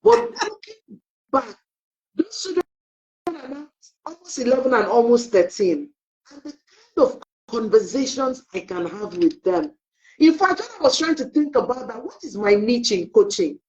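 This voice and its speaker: A woman's voice: a little high, normal speed. A middle-aged woman, a parenting coach, telling family stories on a live online talk and acting out the dialogue. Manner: animated storyteller who acts out quoted dialogue. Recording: dull lo-fi audio.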